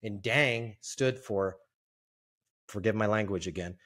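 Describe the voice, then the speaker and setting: A man who is a podcast guest, telling a sales story in an animated way and acting out the quotes. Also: fairly low pitch, takes it slowly. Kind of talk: storytelling interview.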